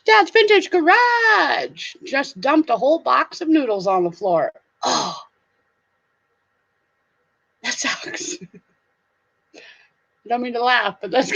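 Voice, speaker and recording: A middle-aged woman with a Southern drawl chats unhurriedly on a live stream, giggling and goofing around. Her pitch swings widely as she bounces into silly sing-song voices. The audio is slightly dull and lo-fi. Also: fairly bright tone. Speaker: live stream host, reseller. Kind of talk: casual live chat reading comments.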